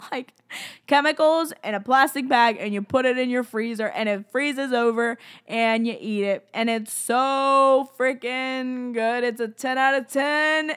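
A woman's voice: a little high, fairly bright tone, clean tone. A young woman talking casually about her faith, rambling and giggly with lots of fillers. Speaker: faith podcaster. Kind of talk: casual devotional chat.

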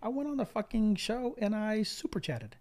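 A man's voice: high-pitched, normal speed. A man guest telling a casual anecdote, acting out both sides of the conversations and swearing freely. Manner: animated storytelling, acts out dialogue, swears.

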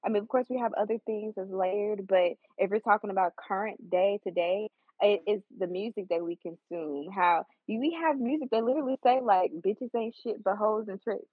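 A woman from Arkansas making earnest, measured points in a casual podcast debate, often hesitating and restarting. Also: mid-range voice, husky, dry recording. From Arkansas, USA. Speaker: podcast co-host. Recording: tinny phone-like dry recording.

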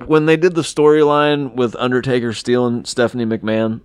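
A man's voice: mid-range voice, level tone, normal speed, clean tone, no echo. A man co-hosting a wrestling podcast in casual chat, telling long rambling stories full of swearing. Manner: profane, rambling storyteller. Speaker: podcast co-host.

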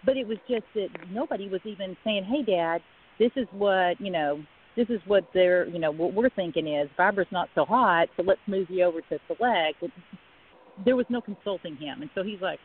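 A woman's voice: fairly low pitch, brisk, a little hiss or hum. A woman, a guest telling her own story in a radio interview and quoting the people involved. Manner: conversational, quoting others in a retold story. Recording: phone line, husky.

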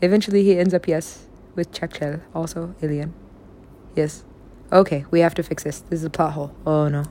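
Woman, young adult, low pitch, giggly, swears casually, rambling casual chat. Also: fairly even intonation, a little fast, warm tone, a little hiss or hum. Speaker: writer describing her own stories.

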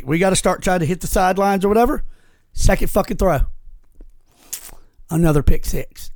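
On a podcast with no echo, a high-pitched man swears constantly as he animatedly recounts a story. It's a casual conversation with his co-host role front and center.

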